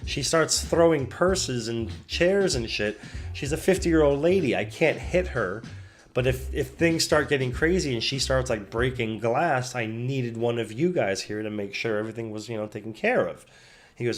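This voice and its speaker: Young man, streamer, chatty storytelling, mid pitch, soft music under. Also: normal speed. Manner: animated, acts out quotes with pitch jumps. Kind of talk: casual storytelling. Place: home room. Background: soft background music.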